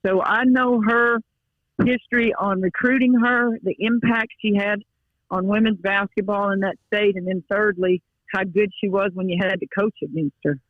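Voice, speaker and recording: This is a heartfelt, folksy phone interview with a middle-aged woman who coaches basketball and has a Louisiana accent. She restarts often while speaking emotionally as a guest; her mid-range voice has no echo, carried on a dull, dry phone line.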